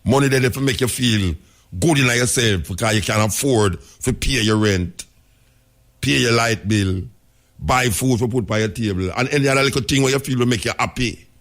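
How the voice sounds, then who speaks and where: A man's voice: medium pitch, normal speed, a bit bright. A man with a Jamaican accent, hosting a talk radio show and telling stories in patois. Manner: storytelling in Jamaican patois, emphatic. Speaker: radio host.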